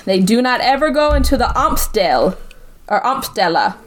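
Animated, sarcastic woman podcast host. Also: on the high side, moderate pace. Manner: animated, profane, sarcastic storyteller. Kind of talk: casual comedic movie recap.

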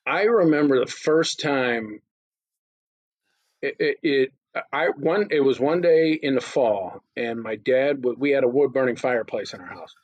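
A man's voice: mid-range voice, measured pace, husky, dry recording, muffled recording. A middle-aged man co-hosting a casual podcast chat, ranting with profanity and exasperation. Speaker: podcast co-host.

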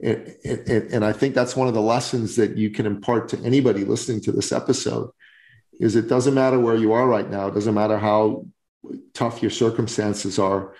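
Gravelly-voiced earnest male podcast host. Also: lowish voice, level tone, normal speed, darkish tone. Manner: earnest, preachy, emphatic. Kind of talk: motivational interview talk.

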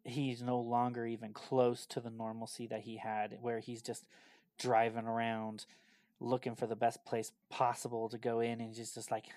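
A man co-hosting a casual podcast, retelling things in a rambling, animated way and filling his talk with "like". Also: medium pitch, moderate pace, dry recording. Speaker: podcast co-host.

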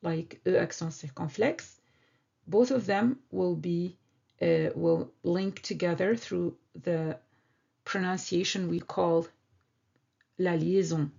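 A woman teaching a beginners' French lesson, repeating each word slowly and carefully. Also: on the low side, vocal fry, dark tone, husky, dull audio. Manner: slow, careful repetition of words. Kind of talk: slow language lesson.

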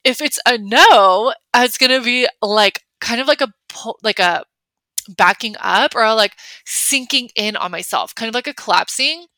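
A woman's voice: fairly high pitch, normal speed, sharp tone, dry recording. A young woman hosting a podcast, talking casually and chattily with lots of fillers. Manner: chatty, many fillers, acts out her own reactions. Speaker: podcast host. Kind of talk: casual solo talk.

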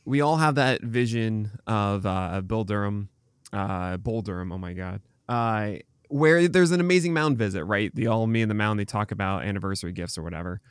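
Smooth low-voiced podcast host. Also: male voice, no echo, clean studio sound. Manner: upbeat, quick laughs, brief reactions. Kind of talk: casual interview questions.

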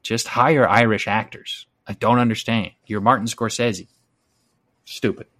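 A young man chatting casually as a podcast co-host, in a low voice recorded dry and close. He rambles with loose enthusiasm, peppering his talk with fillers. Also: steady tone, measured pace, a bit bright, dry recording. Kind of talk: casual chat.

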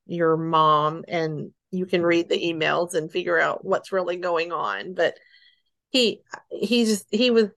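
A middle-aged woman being interviewed, telling her story haltingly, with restarts, soft laughs and sighs. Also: fairly low pitch, gravelly. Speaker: interview guest.

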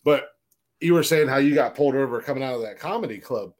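A middle-aged man from the Newark area tells a winding story on a casual podcast. He swears often, circles back with restarts, and speaks at an ordinary middle pitch. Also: fast talker, darkish tone. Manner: rambling, swears freely, many restarts. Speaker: podcast co-host.

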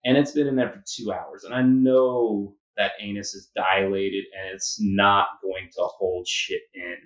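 A man's voice: lowish voice, level tone, a little slow. A man who trained as a doctor, telling a work story with wry laughs in casual chat. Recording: echoey, dull room sound.

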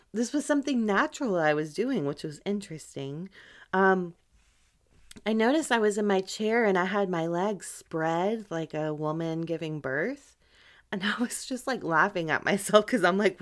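Slow, low-voiced woman podcast host. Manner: candid and chatty, loose with fillers. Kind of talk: casual chat.

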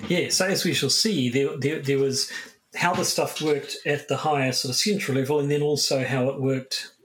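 A man's voice: mid-range voice, steady tone, normal speed, a bit bright. A man hosting a podcast, explaining a history topic in a casual, hesitant way with frequent restarts. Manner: hesitant, many restarts and fillers. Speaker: podcast host.

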